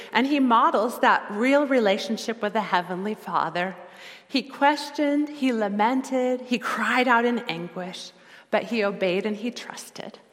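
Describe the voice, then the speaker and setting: A middle-aged woman giving a sermon as a lay preacher, earnest and reflective, slowing down for quoted scripture. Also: fairly high pitch, fairly bright tone, big-room sound.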